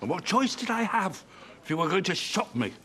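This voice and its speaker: A pompous shouty stage actor. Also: male voice, high-pitched, big pitch swings, a little fast, a little hiss or hum. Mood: glum. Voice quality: loud, shouty, theatrical. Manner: indignant, grand declaiming. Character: pompous vain male stage actor, middle-aged. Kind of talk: sitcom acting.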